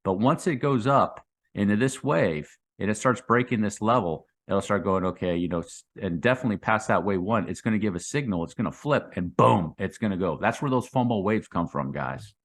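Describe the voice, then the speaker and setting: The middle-aged host of a crypto trading channel speaks briskly in a lowish voice with lively intonation. In a casual, repetitive explainer on chart patterns, he sketches on a chart, repeats and restarts phrases, and tags his lines with "okay?" and "right?"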